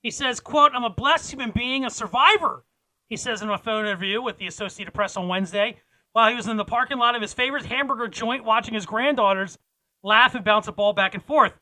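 Male podcast co-host, bright and punchy, teases each news beat; dry studio sound. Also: very high-pitched, brisk, dry recording, poor audio. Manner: teasing, with dramatic build-ups. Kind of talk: casual podcast news chat.

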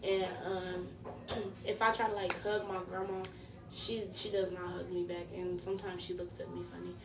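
Gravelly-voiced woman telling a lively story. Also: fairly low pitch, normal speed, a crowd in the background. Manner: animated storyteller, acts out quotes. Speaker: podcast co-host. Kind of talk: casual chat. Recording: echoey room, distant mic.

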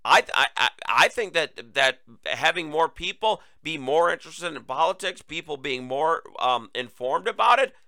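An American man hosts a solo political opinion show, sarcastic and mocking, tossing conversational asides to "folks" while a recurring cough lingers. His voice is a little high, animated and sharp, at a moderate pace with few pauses. The recording is dry.

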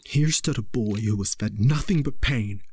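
A man narrating a horror story in a slow, measured way. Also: fairly low pitch, a little mellow, slight background noise.

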